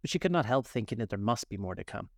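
A man reading a classic storybook aloud as narrator, in a calm, measured way. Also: fairly low pitch, creaky, dry recording.

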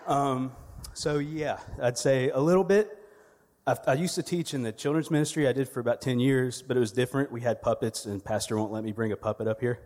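A man's voice: medium pitch, brisk, a little mellow, in a large hall. A man, delivering a sermon as a church media director, conversational and humorous with storytelling. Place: church sanctuary.

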